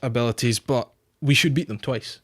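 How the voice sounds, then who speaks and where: A man from Scotland co-hosting a casual football podcast, assertive and quick to talk over his co-host. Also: medium pitch, fairly bright tone.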